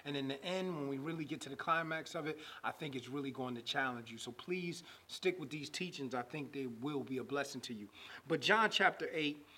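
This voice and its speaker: A man preaching a sermon, building to loud emphatic passages and slowing to draw out scripture. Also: medium pitch, slightly rough.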